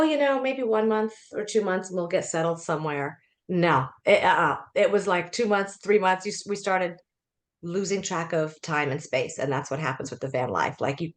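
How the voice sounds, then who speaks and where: A life coach in her fifties, appearing as an interview guest, tells her story loosely and chattily. She laughs and restarts often, speaking in a fairly low voice.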